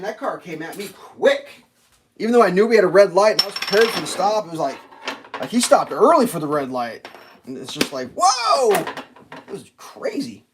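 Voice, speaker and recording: A man telling a casual story while cooking in a home kitchen, animated and acting out quotes and sounds. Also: a little high, background noise. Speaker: cooking vlogger.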